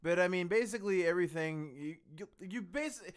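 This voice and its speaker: A man co-hosting a casual podcast, telling a story in an animated, profane way with lots of laughter. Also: sits high, fairly quick, clean tone. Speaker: podcast co-host.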